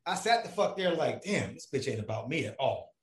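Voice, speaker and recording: This man speaks at medium pitch and a little fast, his voice reverberant over a faint hiss or hum. He spins out a long personal story in animated, profane, casual talk, doing the voices of everyone involved.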